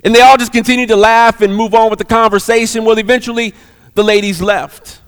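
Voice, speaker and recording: Give me a high-voiced preacher telling a story with echo from a big hall. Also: male voice, fairly quick, clean tone. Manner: animated, repeats words. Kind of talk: sermon storytelling.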